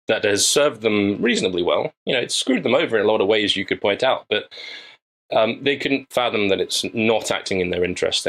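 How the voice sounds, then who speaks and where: A man's voice: fairly low pitch, fairly bright tone, low-quality recording. A man from England, a filmmaker guest, talking casually over a video call and thinking aloud with many fillers and restarts. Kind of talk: casual interview chat.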